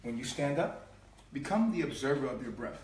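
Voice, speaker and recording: A man's voice: medium pitch, lively intonation, a little fast, darkish tone, a little hiss or hum. A man giving an impassioned spiritual teaching in slangy street talk, emphatic, repeating and stretching sounds to make his point. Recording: echoey room, mic at a distance.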